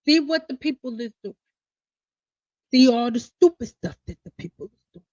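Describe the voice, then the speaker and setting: A blunt, teasing woman hosts a casual livestream rant, her voice sitting high. The audio is slightly dull and dry. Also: expressive, normal speed, darkish tone, no room sound. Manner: blunt, teasing, laughs often. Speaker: hairstylist livestream host. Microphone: livestream mic.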